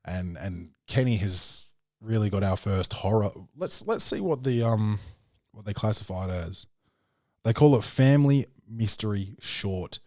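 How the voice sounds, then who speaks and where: Aussie podcast guy, lowish voice, rambly and sweary, jumps way up high doing other people's voices, dry close mic. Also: animated, measured pace, mellow, no room sound. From Australia. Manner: rambling and profane, full of fillers and restarts; acts out quoted voices with sudden high pitch jumps. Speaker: podcast host. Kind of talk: casual solo film review chat.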